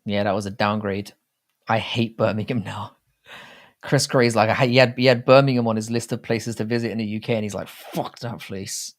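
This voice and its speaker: A man's voice: on the low side, fairly even intonation, fairly quick. Swearing, rambling English young man. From England. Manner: rambling, swearing, reading chat aloud. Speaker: livestream host. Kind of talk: casual live chat.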